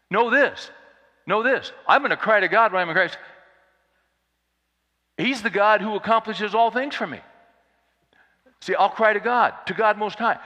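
A man preaching a sermon, swinging from loud urgent preaching to quiet storytelling. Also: sits high. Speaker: pastor. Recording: long hall reverb.

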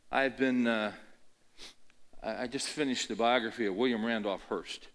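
A man's voice: medium pitch, fairly even intonation, moderate pace, fairly bright tone. An older man preaching a conversational sermon, telling rambling folksy stories and building to emphatic, repeated questions. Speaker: pastor.

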